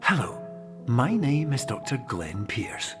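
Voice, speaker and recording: A man's voice: medium pitch, very animated, slow pace, music in the background. An actor playing a chipper male doctor in a game, giving breezy, lightly sardonic updates. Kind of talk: scripted game voice-over.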